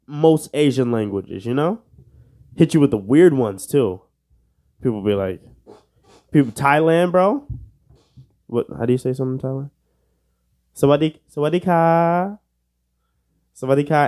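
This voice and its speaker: Young man, podcast host, casual banter, joking, warm mellow tone. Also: mid-range voice. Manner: joking, self-mocking, breaks into laughs; swears under his breath at quiz answers.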